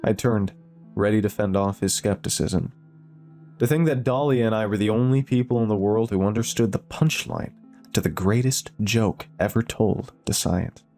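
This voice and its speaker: A man narrating a scripted horror story in a steady, measured way. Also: on the low side. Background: faint music.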